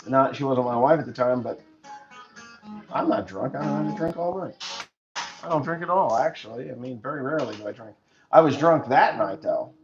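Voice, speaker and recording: Chatty american farmer on a lo-fi stream. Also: male voice, mid-range voice, fairly quick, faint music behind. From United States. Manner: chatty, joking storyteller. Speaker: farmer livestreamer. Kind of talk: rambling livestream chat. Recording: dull lo-fi sound with faint noise.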